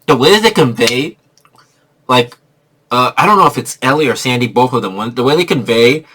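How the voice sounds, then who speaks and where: Bright-voiced man rambling a movie review. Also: mid-range voice, expressive, brisk. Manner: rambling, profane, filler-heavy. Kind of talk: casual spoken movie review.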